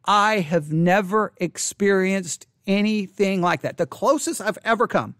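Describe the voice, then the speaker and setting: A man's voice: sits high, lively intonation, measured pace, a bit bright, dry recording, clean studio sound. A man who hosts a Christian video channel, telling a personal story in an impassioned, indignant way and quoting what was said. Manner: impassioned, indignant, retells with quoted dialogue.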